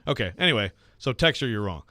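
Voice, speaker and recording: A man hosting a sports talk radio show, rambling and self-deprecating, quick to laugh. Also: on the low side, very animated, pushed and bright, dry recording, clean studio sound.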